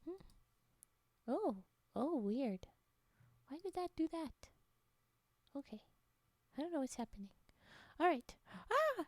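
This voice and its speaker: During an ASMR stream, a woman chats playfully with her viewers in a soft voice, frequently slipping into a whisper and giggling often. Her voice is high with lively intonation, and she speaks slowly with many pauses. The recording is dry.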